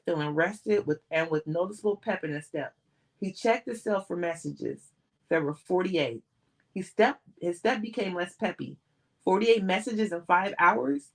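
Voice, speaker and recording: A woman reading a novel aloud on a livestream, steady and plain, sometimes restarting a word. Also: on the low side. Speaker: audiobook reader.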